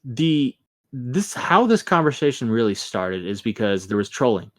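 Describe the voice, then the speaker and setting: A man's voice: mid-range voice, big pitch swings, moderate pace. A man hosting a podcast, talking bluntly and with a lot of swearing, sounding exasperated. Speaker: podcast host. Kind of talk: casual podcast chat.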